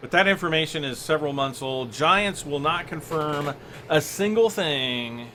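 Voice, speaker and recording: A man hosts a casual game livestream, talking viewers through his play in a loose, rambling way. His voice is bright and forceful, and his pitch swings widely as he chats. He keeps answering questions from chat as he goes. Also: animated, moderate pace, slight background noise.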